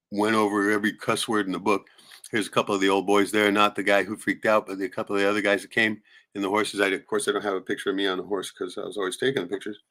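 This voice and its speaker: Brief: middle-aged male streamer, lowish voice, foul-mouthed, rambling, jumps loud and high in spots. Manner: profane, rambling storyteller with sudden loud jumps. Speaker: live streamer. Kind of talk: casual venting monologue showing photos.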